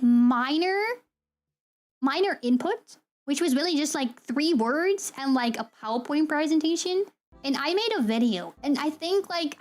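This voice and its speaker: A young woman streamer chatting casually with her viewers, telling an animated, ranting story and laughing often. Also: high-pitched. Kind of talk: casual live-stream chat.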